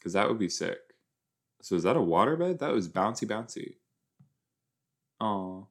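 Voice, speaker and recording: A man casually commenting while he watches a show, chatty and quick to exclaim or laugh. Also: on the low side, big pitch swings. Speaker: reaction video host.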